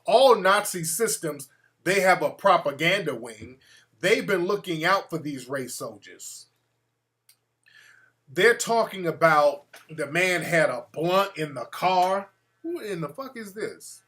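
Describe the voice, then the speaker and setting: A man's voice: a little high, lively intonation, slow, fairly bright tone. A man hosting his own show, talking straight to his audience in an emphatic, profane commentary monologue. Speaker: show host. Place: home room with a fan.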